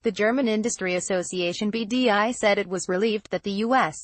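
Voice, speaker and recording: With a medium-pitched voice in a dry recording, a woman narrates scripted news from a trade-policy newsletter. She keeps her pacing steady and measured.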